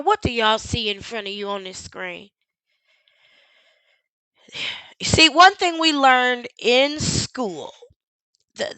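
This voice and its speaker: A woman reacting live to a news clip, her high voice slow and deliberate as she piles up sarcastic, blunt rhetorical questions. The sound is dry and close, with a bright edge. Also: no echo, rough recording. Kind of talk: live-stream reaction commentary.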